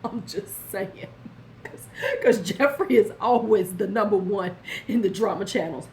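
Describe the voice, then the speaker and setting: An older woman casually vlogs about beauty, handing out blunt, sassy advice directly to the viewer and answering chat from time to time. Her mid-range voice has a darkish tone and moves at a measured pace, with slight noise in the background.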